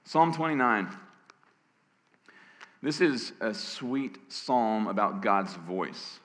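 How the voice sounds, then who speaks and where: Hoarse, gravelly preacher in echoing hall. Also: male voice, on the low side, lively intonation, takes it slowly. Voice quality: gravelly, scratchy. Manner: emphatic, swinging from loud bursts to hushed lines. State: hoarse from cheering. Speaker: pastor. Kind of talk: sermon. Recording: long reverb of a large hall.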